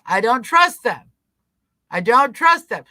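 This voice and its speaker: A man hosting a live talk stream, his voice high and bright with a tense edge. He mocks and acts out little scenes as he rambles. The sound is close and dry. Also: big pitch swings, takes it slowly, dry recording, low-quality recording. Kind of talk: casual political talk stream.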